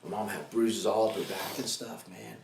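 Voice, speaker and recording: A man co-hosting a comedy podcast, telling a story with lots of swearing in a casual, animated way. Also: on the low side, moderate pace, gravelly, slight background noise. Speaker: podcast co-host. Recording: echoey room with faint ambience.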